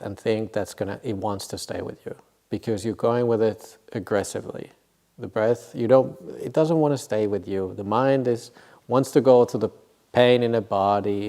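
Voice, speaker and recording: A man's voice: fairly low pitch, a little mellow. A man, a Buddhist monk, giving an informal dharma talk at a meditation retreat, with wry humor, rhetorical questions and frequent self-corrections.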